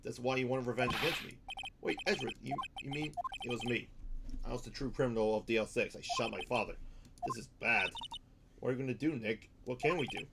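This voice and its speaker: A man's voice: mid-range voice, brisk, gravelly, heavy background noise. A man hosting a let's play, reading the game's dialogue aloud dramatically and often stumbling and correcting himself. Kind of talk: reading game text aloud. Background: game music.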